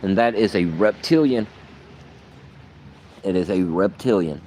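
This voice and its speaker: Brief: low-pitched man, profane rambling vlogger, muttering then flaring up. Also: a little slow, darkish tone, a little hiss or hum. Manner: profane, rambling, swings between muttering and outbursts. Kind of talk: rambling vlog monologue.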